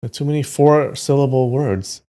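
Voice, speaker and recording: A man's voice: medium pitch, normal speed, dark tone. A man streaming live, muttering place names to himself as he plays a map quiz, with sudden frustrated outbursts and the odd swear. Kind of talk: casual live-stream commentary while playing a map quiz.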